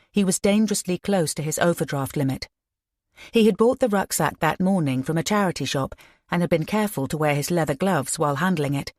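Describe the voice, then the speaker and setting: Woman reading a novel aloud, low steady voice, dead dry room. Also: no echo. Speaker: audiobook narrator. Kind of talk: scripted narration.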